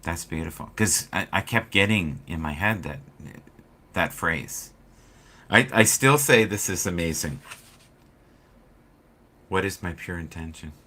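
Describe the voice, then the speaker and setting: A man hosting a casual spiritual chat stream, telling stories and acting out quoted people with big swings in loudness. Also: sits low, expressive, unhurried. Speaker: livestream host.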